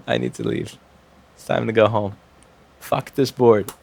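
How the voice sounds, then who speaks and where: Brief: repair technician streaming at his bench, wry and profane, animated pitch. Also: measured pace, vocal fry, pauses often. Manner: profane, wry, talks to himself and the board. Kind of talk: live repair stream, explaining as he works.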